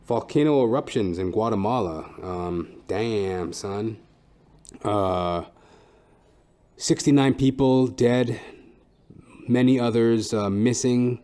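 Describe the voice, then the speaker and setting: A man's voice: fairly low pitch, slow pace, long pauses, warm tone. A young man hosting a comedy podcast, rambling casually and swearing loosely. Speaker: podcast host.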